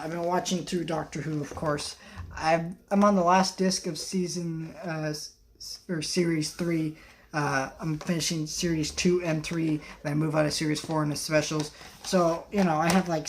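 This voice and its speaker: Young adult vlogger, mid-pitched, rambling home chat about movies, faint background hiss. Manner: rambling, talks while handling discs. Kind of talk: casual vlog chat. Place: home, indoors.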